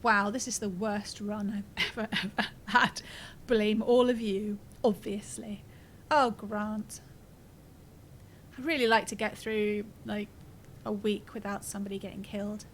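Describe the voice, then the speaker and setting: A woman's voice: medium pitch, level tone, a little slow, slight background noise, low-quality recording. A woman streaming a game, reading its text aloud and chatting casually, swearing and laughing as she plays. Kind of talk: casual gameplay commentary.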